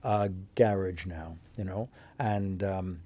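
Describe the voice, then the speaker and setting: A man's voice: sits low, slow pace, mellow. An older American man from New York, a guest telling rambling stories with many fillers and chuckles. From New York, USA. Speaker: interview guest, actor. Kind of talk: casual anecdotal storytelling.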